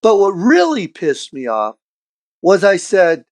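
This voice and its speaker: A middle-aged man, a street artist guest on a podcast, telling stories in a casual, profane, animated way and acting out what people said. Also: sits high, slow. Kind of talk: casual storytelling chat.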